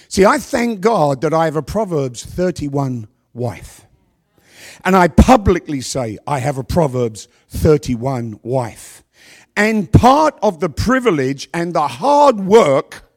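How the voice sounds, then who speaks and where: Middle-aged man preaching, slightly high voice. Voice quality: voice worn from past yelling. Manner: preaching with rhetorical questions, dramatic pauses. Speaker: pastor. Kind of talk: sermon. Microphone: handheld microphone.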